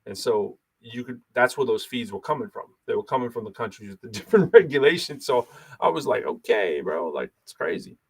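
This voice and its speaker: A man in his thirties hosting a casual talk show, animated, laughing often and talking with many fillers. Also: medium pitch, fairly quick, slightly rough. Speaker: podcast host and battle rapper. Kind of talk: casual chat.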